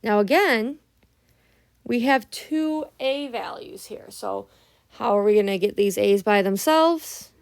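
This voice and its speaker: A woman's voice: medium pitch, lively intonation, takes it slowly, gravelly. A young adult woman teaching math in a casual, patient way, stopping often to ask whether everyone is following, and sounding tired this early in the morning. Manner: patient, explaining step by step with frequent "right?" checks.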